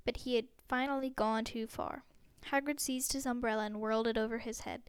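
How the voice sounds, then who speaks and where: A woman narrating an audiobook with steady, expressive storytelling. Her voice sits a bit high and is smooth and clear, recorded close and dry with no room sound. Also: fairly quick, dry recording. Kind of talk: scripted narration.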